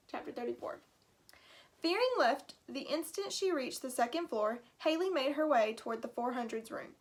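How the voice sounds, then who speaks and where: A woman teacher reads a chapter book aloud to her class. Her voice is high, and she drops in chatty asides between passages.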